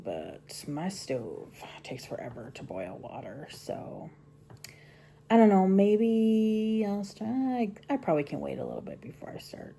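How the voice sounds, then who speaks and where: A middle-aged woman vlogging from home while she crochets. She rambles in a chatty way and often trails off into soft mumbles. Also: sits low. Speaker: homestead vlogger. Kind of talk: casual chat while crocheting.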